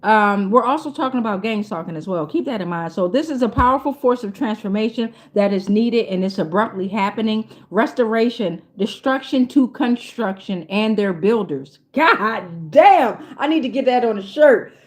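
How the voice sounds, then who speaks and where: A woman's voice: medium pitch, lively intonation, moderate pace, hardly any pauses. A woman casually reading oracle cards for her viewers, rambling, swearing freely and laughing often. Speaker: tarot reader. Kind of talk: casual tarot reading vlog.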